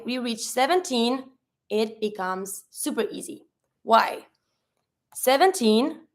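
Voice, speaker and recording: A woman teaching a French lesson, explaining pronunciation patiently step by step with repeated examples. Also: fairly high pitch. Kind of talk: online language lesson.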